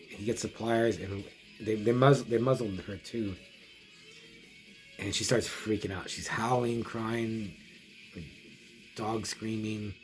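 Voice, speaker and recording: A middle-aged man casually tells a long story for his horror review vlog, rambling with many restarts and quoted asides. His voice is on the low side and a little mellow, with music in the background.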